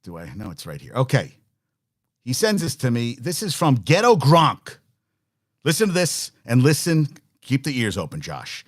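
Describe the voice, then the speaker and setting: A man hosting a sports podcast in casual chat, rambling and animated, swearing and laughing as he talks. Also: mid-range voice, moderate pace, no echo, studio quality. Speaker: podcast host.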